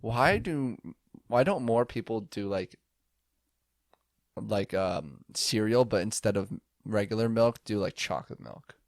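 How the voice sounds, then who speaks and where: A young man speaks in a blunt, sarcastic way and swears freely. His voice sits a little on the low side. The recording is dry and close to the mic. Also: animated, measured pace, no echo. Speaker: podcast co-host. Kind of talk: casual chat.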